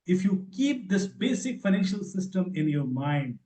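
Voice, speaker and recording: A man's voice: high voice, big pitch swings, moderate pace, mellow. A man with an Indian English accent giving a teacher training lecture on cyber safety, emphatic and repetitive as he tells his stories. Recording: echoey hall.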